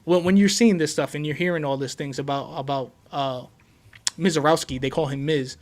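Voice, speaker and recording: A Puerto Rican man hosts a casual sports podcast, his voice sitting on the higher side for a man. He talks excitedly, stumbles and repeats words, and leans on fillers as he goes. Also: a little fast. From Puerto Rico. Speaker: podcast host.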